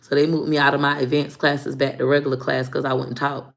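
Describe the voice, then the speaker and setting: A woman's voice: a bass voice, level tone, brisk, gravelly. A woman in her thirties from Florida, hosting a livestream, chatting frankly and laughing as she tells stories about her life. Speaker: livestream host. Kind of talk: casual storytelling chat.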